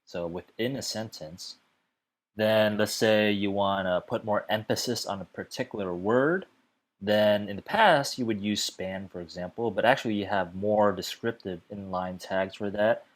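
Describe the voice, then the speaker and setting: A man teaching a web development lesson in a casual, chatty way, often filling pauses with "okay" and "uh". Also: lowish voice. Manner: chatty, fills gaps with okay and uh.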